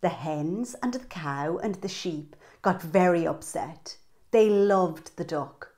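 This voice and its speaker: A woman reading a picture book aloud to young children, animated and sing-song, pointing out the pictures as she goes. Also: lowish voice, slow pace. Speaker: children's storyteller.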